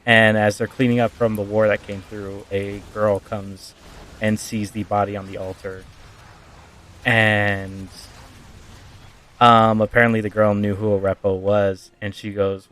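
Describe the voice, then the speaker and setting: A man's voice: on the low side, flat delivery, measured pace, a bit bright. A man casually retelling a tabletop backstory as a streamer, rambling with lots of fillers.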